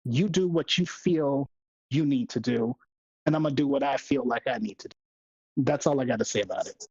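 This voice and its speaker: A man's voice: mid-range voice, a little fast, darkish tone, slightly rough, no echo. A man co-hosting a gaming podcast, giving his opinion in a firm, plain-spoken way. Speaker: podcast co-host. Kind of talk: casual podcast discussion. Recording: dull lo-fi dry sound.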